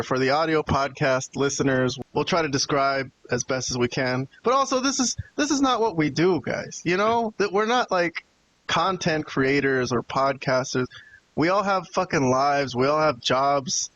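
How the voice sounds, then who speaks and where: A man's voice: a little high, expressive, moderate pace, fairly bright tone, muffled recording. A man hosting a wrestling podcast, chatting casually, rambling and swearing as he vents to his co-hosts. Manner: rambling and profane, venting to co-hosts. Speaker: podcast host. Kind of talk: casual chat.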